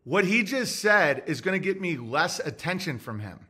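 A man hosts a livestream, reading viewer messages and riffing on them in blunt, opinionated talk. His voice sits slightly high and sounds bright and pushing. He swears freely and speaks his mind. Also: big pitch swings, normal speed. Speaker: livestream host.

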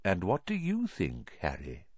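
A man voicing a wise, gentle old male headmaster who speaks softly and calmly, on a dull lo-fi recording. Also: low voice, slightly rough, dry recording, heavily acted. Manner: soft, calm, measured.

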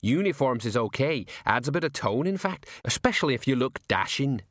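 A man's voice: mid-range voice, sing-song, fairly quick, fairly bright tone, no room sound, pitched above the performer's own voice. Brief: male narrator doing a rambling older sergeant, folksy and set in his ways. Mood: musing. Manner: folksy, rambling, common speech.

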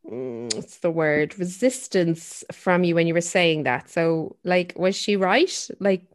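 A woman's voice: on the low side, takes it slowly. A woman interviewing a guest casually, asking curious, probing questions.

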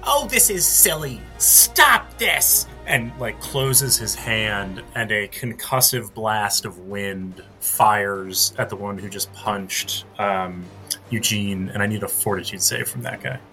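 Slow, bright-voiced male player. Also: fairly low pitch, fairly even intonation, faint music behind. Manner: narrates his character's actions. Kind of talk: casual tabletop play.

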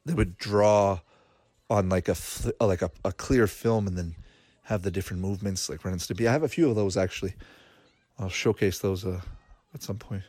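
A man's voice: deep voice, fairly quick, a little mellow, dry recording. A man chatting casually while watching a cartoon, laughing often and thinking aloud with fillers. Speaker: cartoon reaction commentator. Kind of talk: casual watch-along commentary.

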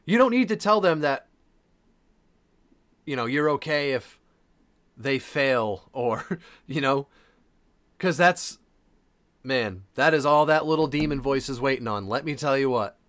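A man's voice: mid-range voice, expressive, a little slow, long pauses, a bit bright. A man hosting a podcast, talking casually and earnestly, repeating phrases for emphasis. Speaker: podcast host.

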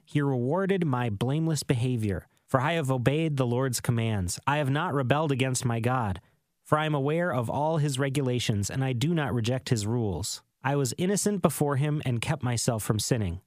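A man giving a steady scripted Bible reading, measured and dropping low on the closing words of phrases. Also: dry recording. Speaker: scripture reader.

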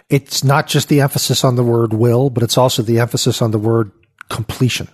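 A man's voice: medium pitch, steady tone, brisk, a little mellow, husky. A man co-hosting a Christian podcast, reflective and encouraging. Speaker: podcast co-host. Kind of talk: casual devotional podcast talk.

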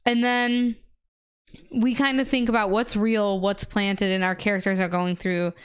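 A female podcast co-host chats casually, laughing often and filling in story details. Her voice is smooth and clear, at an average pitch. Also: little pitch movement, a little slow. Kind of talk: casual chat.

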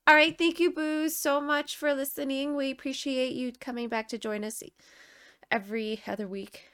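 A woman's voice: sits high, steady tone, moderate pace, fairly bright tone. A woman co-hosting a podcast in casual chat, swearing and laughing a lot. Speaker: podcast co-host.

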